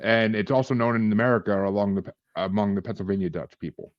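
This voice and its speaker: A man's voice: lowish voice, fast talker, no echo, lo-fi sound. A man hosting a casual podcast, laughing often and restarting his sentences. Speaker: podcast host.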